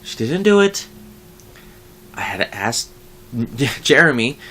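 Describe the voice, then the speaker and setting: A young adult vlogger in a casual rant to camera, animated, swearing a lot and mocking others. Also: medium pitch, slow pace, slight background noise.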